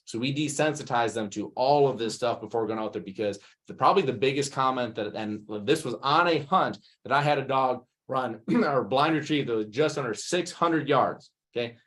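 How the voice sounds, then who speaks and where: Male dog trainer, animated explainer, quick bursts of acted-out scenes. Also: medium pitch. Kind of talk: masterclass Q&A answer.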